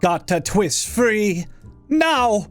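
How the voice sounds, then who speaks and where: A cranky female superhero speaks in an overplayed Jamaican accent, put on by a man. The voice sits high and swings wildly in pitch. Her delivery is strained and mock-dramatic. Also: very animated, very slow, dry recording, faint music behind, heavily acted. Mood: pained. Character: grumpy female superhero, fake Jamaican lilt.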